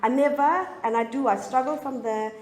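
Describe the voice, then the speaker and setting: A middle-aged woman telling her recovery story as a personal testimony, candid and often halting with emotion. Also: high voice, a little mellow, a little hiss or hum. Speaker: speaker sharing a recovery story. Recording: echoey room, faint ambience.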